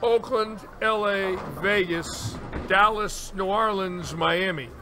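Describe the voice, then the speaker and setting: A man's voice: high-pitched, takes it slowly. A man in his sixties, a bowling commentator, telling long stories in casual chat and acting out the quotes. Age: 60s. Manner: animated storyteller, acts out quotes. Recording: noticeable background noise.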